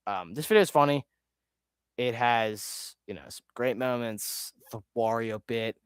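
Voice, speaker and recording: A man's voice: mid-range voice, a little slow, smooth, no room sound, studio quality. A man chatting casually on a live stream while ranking his own videos, rambling, easily sidetracked and swearing often.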